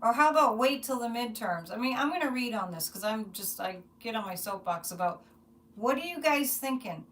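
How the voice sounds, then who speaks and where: A woman hosting a psychic livestream, chatting casually and rambling, with frequent restarts and animated asides. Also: a little high, a little fast, recorded from a distance. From United States.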